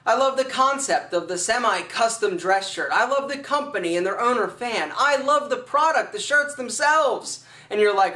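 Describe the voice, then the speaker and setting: Man, playful theatrical vlogger, animated storytelling, roomy echo. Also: normal speed, hardly any pauses, recorded from a distance. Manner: animated, theatrical storytelling with big swings in pitch. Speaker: style vlogger. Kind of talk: playful comedic vlog pitch.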